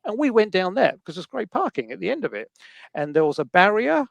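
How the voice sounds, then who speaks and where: A man's voice: high voice, big pitch swings, a little fast, gravelly, no room sound. A man, a podcast guest telling a rambling story with chuckles. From New Zealand. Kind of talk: casual podcast chat.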